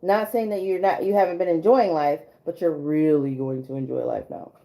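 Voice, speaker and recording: A woman's voice: low-pitched, steady tone, normal speed, vocal fry, dark tone, rough recording. A woman giving a casual livestream tarot reading, rambling through restarts and fillers and laughing often. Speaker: tarot reader.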